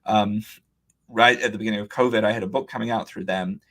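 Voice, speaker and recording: Talking quickly in a lowish voice, a male author-illustrator guest on an interview podcast relates a lengthy anecdote. His delivery is relaxed yet animated, full of imitated dialogue from other people and frequent "like"s and "um"s.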